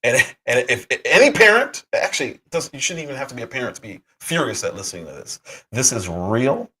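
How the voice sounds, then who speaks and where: Indignant husky-voiced male commentator. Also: mid-range voice, very animated, fairly quick, pushed and bright. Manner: sarcastic and indignant, with mocking asides. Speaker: livestream commentator. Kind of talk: reaction commentary.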